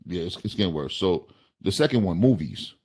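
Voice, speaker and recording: Brash New guy, slightly low voice, casual profane sports banter. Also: lively intonation, brisk, darkish tone, husky. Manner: brash, profane trash talk with mocking put-on voices. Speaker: podcast co-host. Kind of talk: casual chat.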